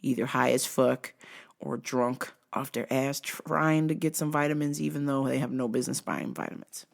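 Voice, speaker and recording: A woman's voice: a bass voice, fairly even intonation, normal speed, vocal fry. A woman hosting her own video blog, telling profane comic stories in a blunt, crude and emphatic way. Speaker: vlog host.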